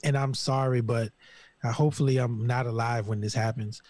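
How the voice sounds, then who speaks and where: A man talking in a casual panel discussion in a slangy, animated, emphatic way. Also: mid-range voice, a little fast, no echo. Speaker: regular panelist.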